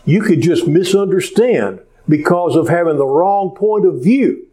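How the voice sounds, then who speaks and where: A pastor preaching a sermon, telling a story in an animated way with frequent hesitations. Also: male voice, high-pitched, unhurried, poor audio.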